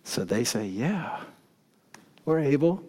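A man preaching a sermon as pastor. His delivery is dynamic, swinging from hushed to emphatic. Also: mid-range voice, very animated, takes it slowly. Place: church sanctuary. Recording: long reverb of a large church hall.

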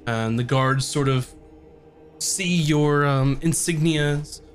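A man narrating as game master, halting with frequent ums. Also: fairly high pitch, faint music behind. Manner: hesitant, lots of ums.

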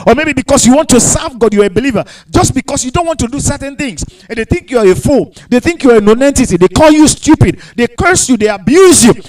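A man preaching a sermon with call-and-response, moving between quiet reading and shouted cries. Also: extremely high pitch, low-quality recording. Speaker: pastor.

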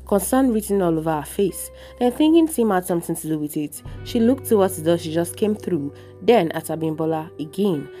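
A woman narrates a dramatic story in an expressive, measured reading. Her voice is low and mellow. Soft instrumental music plays faintly under it.

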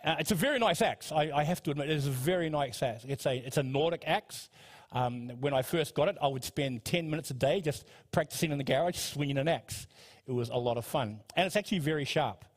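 A pastor in his fifties delivers a sermon in an earnest, conversational way, repeating phrases and turning to the congregation with asides. His voice sits a little higher than most men's. The sound rings out with a long reverb, as in a large church hall. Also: fairly quick. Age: 50s.

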